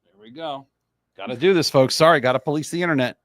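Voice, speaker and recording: A middle-aged man hosting a casual live-stream chat, telling stories in a chatty, animated way. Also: on the high side, no echo, clean studio sound. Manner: chatty storyteller, quick and animated. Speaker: host.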